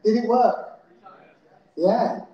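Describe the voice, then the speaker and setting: A man's voice: sits high, fairly even intonation, very slow, lo-fi sound. A man giving a talk at a festival, often checking in with the crowd with "yeah?" and "right?". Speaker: conference speaker. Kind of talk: live talk to an audience. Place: festival hall. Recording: very echoey hall.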